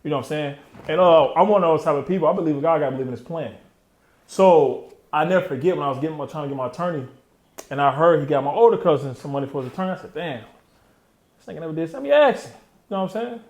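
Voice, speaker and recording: Fast-talking streetwise man in his thirties. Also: a little high, expressive, a little mellow, reverberant. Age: 30s. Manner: streetwise, emotional, heavy slang, trailing off. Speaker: interview guest. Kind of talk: candid storytelling interview.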